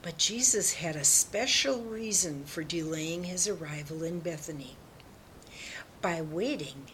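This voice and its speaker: A woman reads a Bible story aloud for children at an unhurried pace. Her voice sits a little low and stays gentle and steady. A faint hum of noise runs underneath the recording. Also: poor audio. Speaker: Bible lesson reader.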